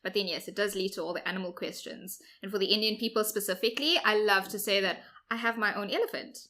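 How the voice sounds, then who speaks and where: A woman's voice: mid-range voice, fast talker, pushed and bright. A young South African woman hosting a podcast, speaking reflectively in casual chat with frequent "like" fillers. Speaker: podcast host.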